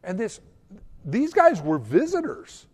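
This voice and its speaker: A male pastor delivers a sermon, weaving in a story and stumbling over repeated words as he builds to emphatic points. His voice sits high for a man, and the long reverb of a church hall trails each phrase. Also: huge pitch swings, slow pace. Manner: stammering restarts, storytelling, rising emphasis.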